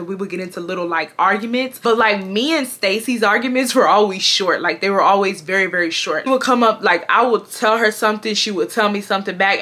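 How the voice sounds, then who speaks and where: A woman's voice: mid-range voice, sharp tone. A young woman from Houston, Texas telling a chatty, sassy workplace storytime and mimicking the people in it. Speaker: vlogger. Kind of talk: casual storytime.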